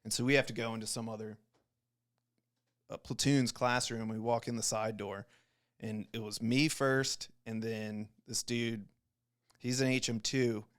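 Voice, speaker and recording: A young man, a Navy corpsman and podcast guest, telling a story in a casual, animated way, full of swearing and acted-out quotes. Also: mid-range voice, a little slow, clean tone. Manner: profane, animated, acts out quoted voices.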